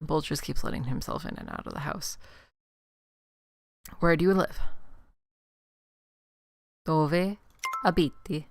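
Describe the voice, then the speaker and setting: A woman's voice: sits low, dry recording. A woman from Chicago with a Chicago accent, chatting casually and rambling into a desk mic while livestreaming a game. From Chicago, United States. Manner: chatty and rambling, quick self-mocking asides. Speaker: streamer. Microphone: desk microphone.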